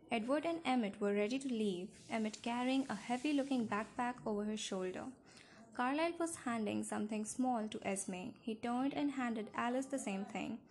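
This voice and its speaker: A woman narrating a novel in a steady, even reading style. Her voice is fairly high, and a faint hiss sits under the recording. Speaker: audiobook narrator. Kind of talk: scripted narration.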